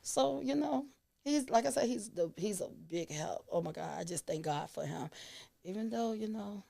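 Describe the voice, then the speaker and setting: A woman's voice: mid-range voice, expressive, moderate pace, creaky, mellow. A woman, a guest on an interview show, telling stories animatedly and laughing often. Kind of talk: casual interview chat.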